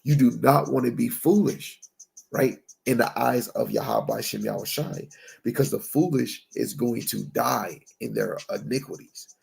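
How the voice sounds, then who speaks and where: Gravelly-voiced guy preaching casual, slangy, keeps saying right? and reading old bible verses. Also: medium pitch, a little slow, darkish tone. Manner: emphatic, street-slang preaching with constant "right?" check-ins; reads scripture aloud in King James wording. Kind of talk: conversational Bible teaching sermon.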